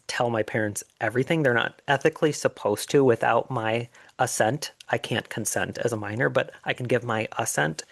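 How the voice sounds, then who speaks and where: Middle-aged man, earnest personal storytelling, gravelly voice, dry close sound. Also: medium pitch, dry recording. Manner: earnest, reflective, with pauses and fillers. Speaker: life coach sharing his story.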